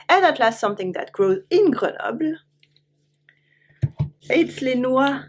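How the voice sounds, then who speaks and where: A woman with a French accent teaching French, saying each word twice slowly and then translating it into English. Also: high voice, sing-song. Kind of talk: online language lesson.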